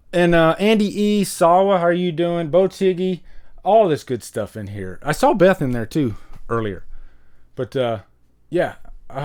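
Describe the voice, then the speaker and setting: A man hosting a casual livestream, greeting viewers in the chat by name and rambling between topics. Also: a little high. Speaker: livestream host. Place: home room with vinyl records.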